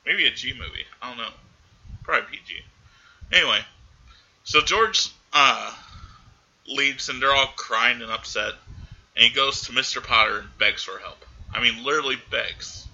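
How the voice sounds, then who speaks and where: A man co-hosting a casual podcast recaps a film with animation, acting out the characters' lines as he retells its scenes. His medium-pitched voice sounds pushed and bright, he talks at normal speed with frequent pauses, and the audio is dull.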